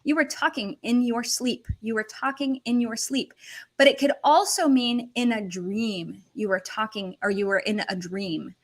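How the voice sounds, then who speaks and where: A woman teaching a language lesson on a livestream, animated, switching between languages as she explains. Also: fairly high pitch, a little slow. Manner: animated, switches between English, Russian and Portuguese.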